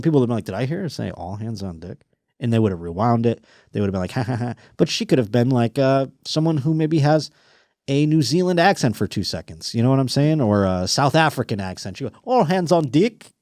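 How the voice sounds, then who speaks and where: A man's voice: mid-range voice, a little mellow, no room sound, studio quality. A man hosting a podcast, reading listener stories aloud and riffing on them with crude, sarcastic jokes. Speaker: podcast host. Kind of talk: comedic news commentary.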